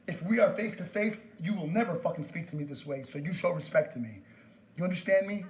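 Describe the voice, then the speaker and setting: A man's voice: a little high, quick pace, echoey room. A man on a phone call with a store, complaining as a customer, aggressive, repeating his demands and swearing a lot. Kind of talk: heated phone argument.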